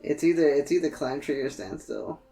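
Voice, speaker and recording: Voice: mid-range voice, lively intonation, fairly quick, creaky, mellow, slight background noise. A podcast co-host arguing earnestly in casual chat, swearing when frustrated.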